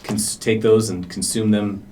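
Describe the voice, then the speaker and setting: A man's voice: on the low side, little pitch movement, unhurried, a little mellow, a little hiss or hum. A man narrating as game master of a tabletop game in a game store, hesitant and full of ums and uhs.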